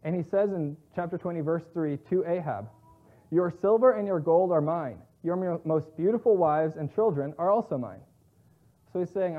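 A man with a somewhat high voice teaches from scripture in a relaxed, chatty way, reading verses and then retelling them in plain slang. The sound is thin and narrow, as if heard over a phone line. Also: moderate pace. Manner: conversational, paraphrases scripture in everyday slang. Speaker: Bible teacher. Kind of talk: casual Bible teaching.

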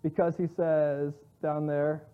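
A man giving a casual Bible teaching, reading passages and retelling them in relaxed everyday words. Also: on the high side, slow, clear, resonant tone. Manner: conversational, paraphrases scripture in everyday slang. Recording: tinny phone-like sound.

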